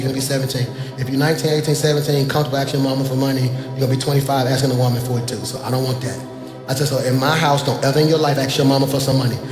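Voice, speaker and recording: A man in his forties preaches a sermon in a tone that is a touch high for a man. He moves between easy, conversational talk and loud, pointed emphasis. His voice rings through a large, echoing church hall with a long tail of reverb, and soft music plays underneath. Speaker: pastor. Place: church sanctuary.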